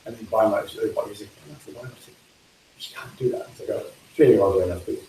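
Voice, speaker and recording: Young man, low-ish voice, lively anecdote with quoted voices, far mic in a roomy space. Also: fast talker. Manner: animated, quotes others in put-on voices, swears. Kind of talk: casual storytelling among friends. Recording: echoey room, mic far off, faint hiss.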